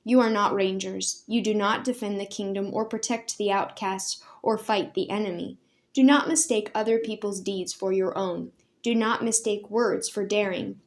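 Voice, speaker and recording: A grave male ranger commander speaks with stern, measured authority, as a woman storyteller puts him on. He delivers each reproach slowly and solemnly, in a mid-pitched voice, like a leader passing judgment in a storybook. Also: fairly even intonation, lightly acted.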